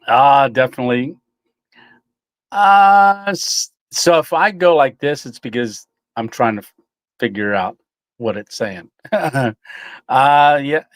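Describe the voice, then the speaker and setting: A middle-aged man chats loosely on a livestream, his talk full of "uh"s and easy chuckles. His voice sits at an ordinary pitch. The sound is dry and close, with no room around it. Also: slow, long pauses, no room sound. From Tennessee, USA. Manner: rambling, chuckling, many fillers. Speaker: livestream host. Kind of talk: casual live chat reading comments.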